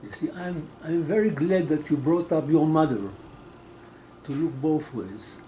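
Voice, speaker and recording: A man from the audience puts measured, probing questions to the author. His voice sits a little high with a warm, mellow tone, and faint noise runs underneath. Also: rough recording. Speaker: workshop participant. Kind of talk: question from the floor.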